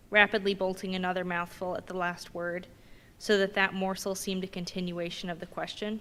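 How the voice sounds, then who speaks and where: A woman reading a novel aloud at a public marathon reading, in a measured, plain way. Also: lowish voice, level tone, fairly bright tone. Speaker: volunteer reader. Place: large museum reading hall. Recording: long reverb in a big hall.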